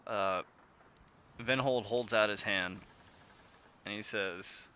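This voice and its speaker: Low voiced guy running a tabletop game, laid back, faint hiss. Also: slow pace. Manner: relaxed, filler-heavy narration. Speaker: game master.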